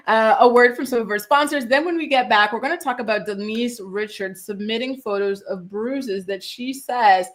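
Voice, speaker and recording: A young woman with a mid-range voice hosts a pop culture gossip show, chatting casually and reading viewer comments aloud with sassy, animated reactions.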